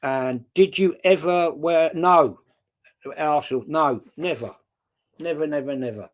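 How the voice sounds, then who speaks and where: A man's voice: on the high side, unhurried. An English man in his sixties talks casually on his live stream, greeting viewers by name between stories. His telling is loose and chatty, with the odd swear word. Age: 60s. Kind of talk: casual chat reading viewer comments.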